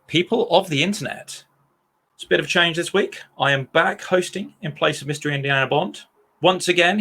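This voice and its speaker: A man's voice: a little high, bright, forceful tone. A young man hosting a casual podcast with jokey, mock-formal banter. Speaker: stand-in podcast host.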